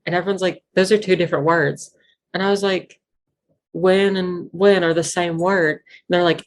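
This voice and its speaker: A woman's voice: fairly low pitch, fairly even intonation, normal speed. A woman with a Virginia foothill Appalachian accent, chatting as an interview guest and rambling through many fillers and restarts. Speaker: guest musician. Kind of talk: casual interview chat.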